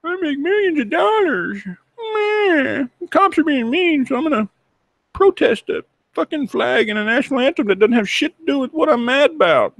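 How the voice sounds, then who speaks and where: A man's voice: very high voice, big pitch swings, moderate pace, gravelly, fairly bright tone, no echo, voice pushed up, heavily acted. A man putting on the voice of a whiny, spoiled, rich male athlete to mock him. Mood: whining. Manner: mocking, whining.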